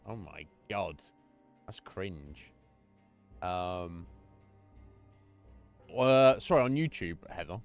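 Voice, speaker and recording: A man's voice: fairly low pitch, animated, measured pace, pauses often, soft background music. A man streaming a game, chatting loosely, swearing and laughing at what happens. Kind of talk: live gaming commentary.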